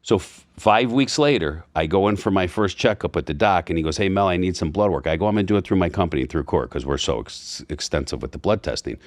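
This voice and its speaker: A man's voice: sits low, lively intonation, fast talker, few pauses, no echo, studio quality. A man in his fifties, a podcast guest, chatting casually and acting out quoted dialogue as he tells stories, with frequent asides. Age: 50s. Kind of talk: casual conversation. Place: Florida.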